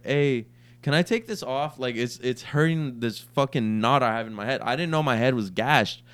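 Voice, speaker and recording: A man's voice: mid-range voice, clean tone. Young man telling a profane story. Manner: profane, animated storyteller acting out quotes. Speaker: podcast co-host. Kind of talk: casual storytelling.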